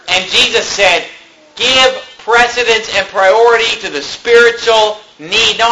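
A male pastor with a high-pitched voice preaches, moving from reading scripture to explaining it in plain, earnest talk. His tone is bright and forward. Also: slight background noise, rough recording. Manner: reads scripture aloud, then explains it conversationally. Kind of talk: sermon.

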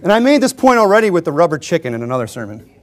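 A man's voice: a little high, very animated, rapid-fire. A man preaching a conversational sermon to his congregation, informal and joking, chuckling often and pressing his points with emphatic rhetorical questions. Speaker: Baptist preacher.

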